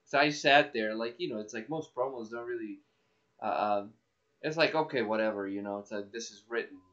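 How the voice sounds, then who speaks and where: A man's voice: on the low side, a little fast, a bit bright. A man hosting a podcast in casual chat, rambling with many restarts and fillers. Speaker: podcast host. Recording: dull lo-fi recording.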